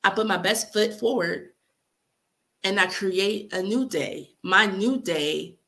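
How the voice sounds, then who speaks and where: A young woman reads aloud her heartfelt letter at a slow pace, her mid-range voice gravelly, pushed and bright. The emotional spoken-word delivery is earnest, and at times she nearly breaks into tears.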